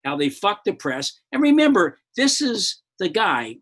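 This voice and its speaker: A man's voice: high-pitched, big pitch swings, a little slow, fairly bright tone. An older American man, a comedian hosting a live show, ranting about politics in a profane, rambling, heated way with many restarts.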